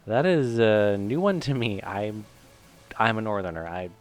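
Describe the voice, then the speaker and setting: A man's voice: on the low side, sing-song, measured pace, soft background music. A man from Michigan chatting casually while streaming a video game, rambling and self-mocking with lots of fillers. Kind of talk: casual let's-play commentary.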